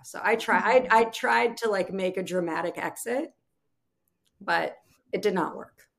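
A woman in her thirties, a podcast guest in casual chat, telling a story with lively acted-out quotes. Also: medium pitch, unhurried, creaky. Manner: animated storyteller, acts out quoted voices.

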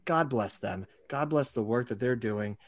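A man hosts a podcast in a loose, rambling, sarcastic way, stumbling over restarts as he riffs. His voice sits at an ordinary middle pitch. The sound is close-miked and dry, with no room around it. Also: moderate pace, no room sound. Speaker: podcast host. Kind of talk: casual podcast banter. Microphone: studio microphone.

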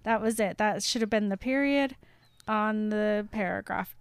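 A woman's voice: mid-range voice, normal speed, clean tone, dry recording. A young woman chatting casually about a book, exasperated and often laughing. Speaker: podcast co-host recapping a book. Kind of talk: casual chat.

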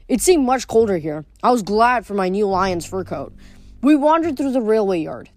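A woman's voice: medium pitch, a little mellow, no room sound. A woman reading a novel aloud in a plain voice, with small stumbles and self-corrections. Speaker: audiobook reader.

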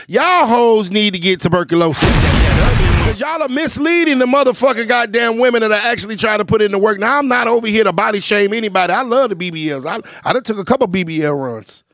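A man's voice: sits high, a bit bright, no echo. A man co-hosting a podcast, ranting in casual, profane commentary. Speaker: podcast co-host.

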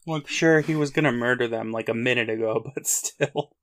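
A man's voice: mid-range voice, moderate pace, a bit bright. A man co-hosting a casual podcast, adding short, dry, wry comments. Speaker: podcast co-host. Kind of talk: casual chat.

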